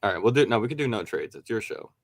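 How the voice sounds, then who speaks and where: A man's voice: lowish voice, big pitch swings, very fast, dry recording. A man co-hosting a casual sports livestream, laid-back and teasing, swearing often. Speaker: co-host. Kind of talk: casual banter.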